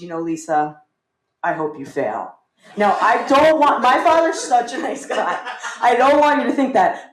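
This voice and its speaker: A woman telling a funny personal story on stage, animated and self-mocking. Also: medium pitch. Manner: animated, self-mocking, acts out voices of family. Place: small theater with live audience. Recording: roomy live theater sound.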